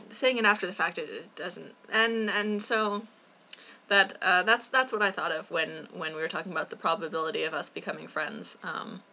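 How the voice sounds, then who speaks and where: A young woman talks casually into her camera at home for a video blog. Her voice is bright and forward, and her thoughts wander as she fills pauses with plenty of ums. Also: medium pitch. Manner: rambling, scattered, many ums. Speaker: book club vlogger.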